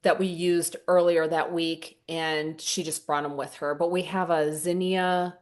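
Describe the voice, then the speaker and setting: A woman with a somewhat low voice, a portrait photographer from southern Indiana, tells her stories casually. She jumps up in pitch whenever she acts out what she and others said. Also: unhurried. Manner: animated, acts out her own quotes in a higher voice. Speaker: senior portrait photographer, guest. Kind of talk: casual storytelling interview.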